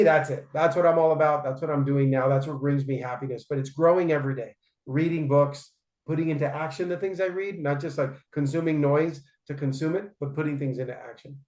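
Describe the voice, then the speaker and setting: A slightly high-voiced man in his forties talks as a podcast guest, telling his stories with emphasis and tossing in "right?" as he goes. The room around him rings with noticeable echo. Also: a little mellow. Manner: emphatic, storytelling, often asks "right?". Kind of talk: casual interview storytelling. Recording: roomy echoey room.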